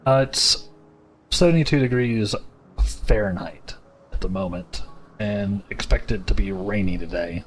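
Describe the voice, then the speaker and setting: Brief: relaxed male streamer, lower voice, chats easily with viewers, faint music underneath. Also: a little slow, long pauses. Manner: easygoing, chatty, addresses chat directly. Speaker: livestreamer. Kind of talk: casual chat with viewers while gaming.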